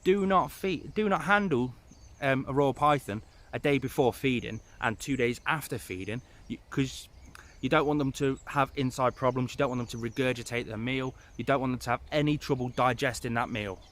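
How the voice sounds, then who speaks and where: A man's voice: medium pitch, fairly even intonation, a little fast, a bit bright. A man giving casual pet-snake advice to camera outdoors, rambling and losing his place now and then. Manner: rambling, loses his place, chatty asides. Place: outdoors in the rain.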